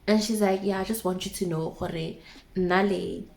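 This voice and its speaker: A woman's voice: medium pitch, steady tone, normal speed, darkish tone, soft background music. A young woman in her twenties with a South African accent, casually telling a dramatic personal story to her viewers with asides. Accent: South African English.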